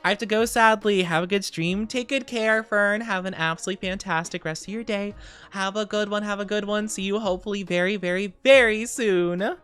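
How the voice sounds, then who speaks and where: A woman's voice: mid-range voice, fairly quick, a bit bright, clean tone, faint music behind. A woman VTuber chatting casually on a livestream, rambling and giggly with lots of fillers. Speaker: VTuber streamer.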